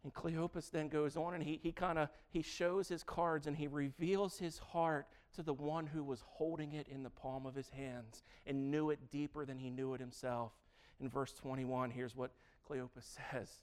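A male preacher delivering a sermon with emphatic, drawn-out phrasing and a sarcastic, playful sense of humor. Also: fairly high pitch, level tone, a little mellow.

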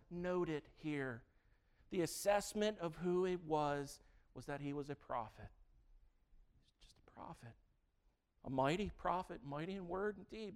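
A male preacher delivering a sermon with emphatic, drawn-out phrasing and a sarcastic, playful sense of humor. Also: high-pitched, clear, resonant tone.

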